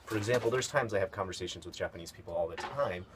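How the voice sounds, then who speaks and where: A man's voice: sits low, rapid-fire. A man hosting a video, telling a story in a casual, rambling way with many fillers and restarts. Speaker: video host. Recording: noticeable background noise.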